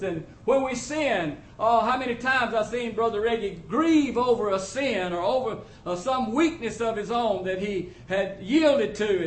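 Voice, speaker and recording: A man preaching a testimony sermon to his church, telling the story in a folksy way with plain country grammar. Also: very high voice. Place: church congregation. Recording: roomy echo with faint ambience.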